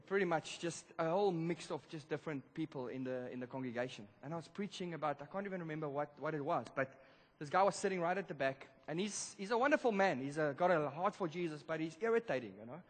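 A male pastor telling a story in a sermon, animated, swinging between loud emphasis and hushed moments. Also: fairly high pitch, fast talker. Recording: long church hall reverb.

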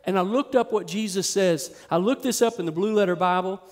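A man delivers a church sermon in a bright, high-pitched voice. He talks to his congregation in a loose, conversational way, then leans hard into his points with emphatic force. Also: brisk. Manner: conversational, emphatic preaching that swells in intensity. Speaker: pastor. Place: church sanctuary with a live congregation.

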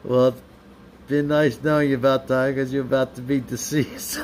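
A man's voice: medium pitch, steady tone, normal speed, a little hiss or hum. A man on a live stream, reading viewers' comments aloud and answering them with playful, teasing banter. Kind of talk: casual live-stream chat.

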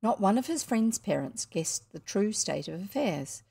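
A woman with a New Zealand accent reading a classic children's story aloud, expressive with the odd slip and restart. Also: medium pitch, a little slow, vocal fry, breathy edge. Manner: expressive, occasional slips and restarts. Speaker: audiobook reader.

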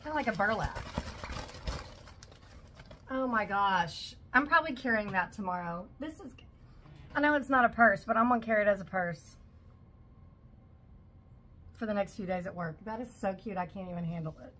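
A woman's voice: mid-range voice, moderate pace, long pauses, sharp tone, a little hiss or hum. A woman in her forties chatting casually at home as she unboxes a shopping haul, gushing over each item. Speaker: vlogger.

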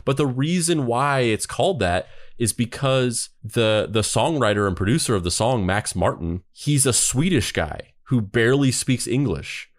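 A man's voice: mid-range voice, lively intonation, normal speed, hardly any pauses, no room sound. A man co-hosting a podcast who talks in a loose, rambling way with many restarts. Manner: rambling, full of fillers and restarts. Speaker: podcast co-host. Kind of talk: casual chat.

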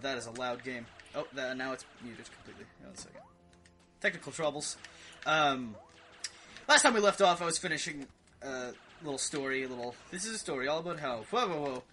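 Young male let's-player, slightly high, excitable, rambling, with a faint noise floor. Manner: excitable, swears and yelps at the game. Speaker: gaming video host. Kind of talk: rambling let's play commentary.

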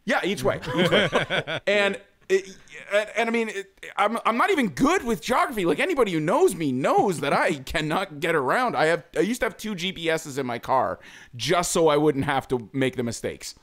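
A man's voice: high-pitched, lively intonation, normal speed, fairly bright tone. A man in his forties, a podcast host, telling a story in casual chat, laughing often and swearing freely.

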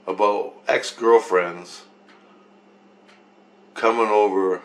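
Man, lowish voice, rambling first-person account, profane, circles back on the same phrases. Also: takes it slowly, long pauses.

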